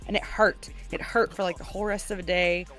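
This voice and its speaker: A woman co-hosting a podcast, chatting casually and telling stories with frequent laughs, her voice a little raspy. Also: lowish voice, steady tone, fairly quick, fairly bright tone, faint music behind. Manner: chatty, storytelling, laughs often. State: slightly raspy voice. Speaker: podcast co-host. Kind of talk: casual chat.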